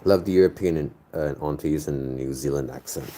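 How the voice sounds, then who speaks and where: A man's voice: extremely low pitch, expressive, a little fast, few pauses, warm tone, a little hiss or hum. A man in his thirties chatting casually with his audience in a crude, joking, rambling way. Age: 30s. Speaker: streamer reading chat. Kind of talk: casual chat.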